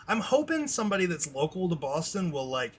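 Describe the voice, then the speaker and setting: A man hosting a podcast, telling stories in casual chat, animated and swearing offhandedly. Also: on the high side, brisk, slightly rough. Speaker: podcast host.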